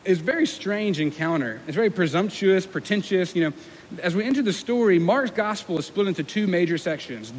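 A young male pastor with a high voice delivers a casual, self-deprecating sermon, now and then slipping into voices to act out quotes. His words ring with a long hall reverb, and a faint hum of room noise sits under them.

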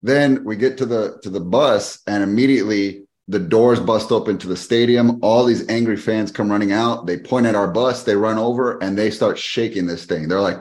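Appearing as a guest on a podcast, a deep-voiced fitness business owner shares a story in a casual interview. He narrates fast and with lots of energy, performing the voices of the people he quotes.

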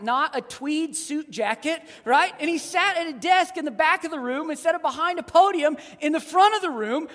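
A high-pitched preacher with a very lively, rising-and-falling delivery gives an animated sermon. The voice swings from loud emphasis to hushed, deep-set lines. A long reverb from a large hall hangs behind every word.

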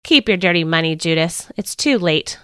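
A woman's voice: on the low side, lively intonation, normal speed, sharp tone, clean tone, no room sound, studio quality. A woman reading sneering, smug male priests. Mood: jeering. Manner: jeering, sneering. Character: scornful male temple priests, smug and mocking. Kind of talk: storybook reading.

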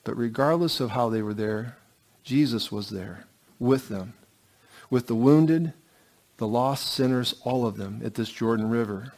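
A middle-aged pastor with a mid-range voice preaches a sermon earnestly and emphatically. On key lines he slows down and drops to a hush.

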